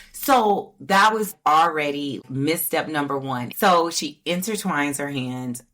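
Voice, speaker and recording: A woman with a low voice hosts a podcast and tells a personal story in a relaxed, candid way. She jumps into high, mocking voices when she quotes people, then drops back to her own deep tone. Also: slow, hardly any pauses. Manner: candid, animated retelling with mock-quoted voices. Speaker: podcast host. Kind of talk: casual storytelling monologue.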